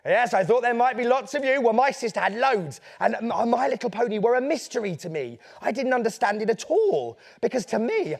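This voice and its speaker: A man's voice: very high voice, very animated, a little fast, creaky, few pauses. A man, a children's author telling a playful, theatrical story to a young audience. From England.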